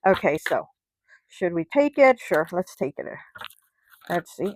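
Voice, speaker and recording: A woman's voice: mid-range voice, expressive, a little slow, long pauses, a little hiss or hum, poor audio. A woman reading tarot cards in a casual way and retelling a story loosely, with many fillers. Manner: chatty, loose retelling full of "like" and "you know". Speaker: tarot reader.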